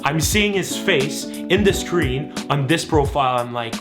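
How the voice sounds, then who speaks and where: A man vlogging, telling a story to camera in an animated way, acting out the voices he quotes and shrieking when shocked. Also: on the high side, unhurried, few pauses. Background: background music.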